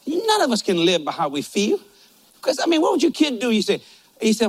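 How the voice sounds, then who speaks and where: A man's voice: very high voice, wildly swooping pitch, fairly quick, breathy edge. An older man preaching a humorous sermon in a folksy, joking, storytelling way.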